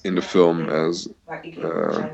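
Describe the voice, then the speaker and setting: A man from the Netherlands talks casually on a podcast about films. His voice sits low, and he often halts and repeats words mid-sentence. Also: sing-song, slow pace, vocal fry, a little mellow, muffled recording. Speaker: podcast co-host. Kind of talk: casual chat.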